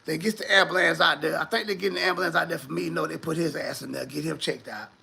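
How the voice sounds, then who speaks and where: A high-pitched man tells a story casually, cursing freely and acting out what others said. His voice is very gravelly and sharply bright, with a husky edge. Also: quick pace, slight background noise. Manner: animated, profane, voices the people in his story.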